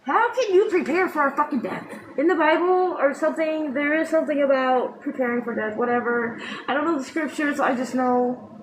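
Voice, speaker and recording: Vlogger, female, high voice, rambling and profane, noisy background. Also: brisk, roomy sound. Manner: rambling, swears freely, laughs through tears. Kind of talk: emotional personal storytelling.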